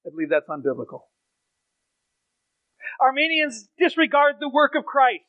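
A man preaching a sermon, swinging from loud emphatic phrases to low quiet asides. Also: big pitch swings, moderate pace, long pauses, dry recording. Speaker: pastor. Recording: dry, tinny phone-like sound.

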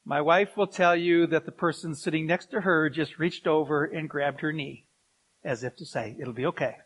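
High-voiced man preaching a sermon. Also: steady tone, moderate pace, fairly bright tone. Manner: storytelling with asides and chuckles. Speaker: pastor.

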